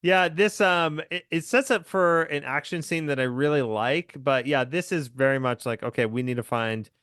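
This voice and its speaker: In clean studio sound with no echo, a podcast host talks about a movie with casual enthusiasm and frequent laughter. He has a fairly high-pitched, fairly bright voice and speaks at a moderate pace.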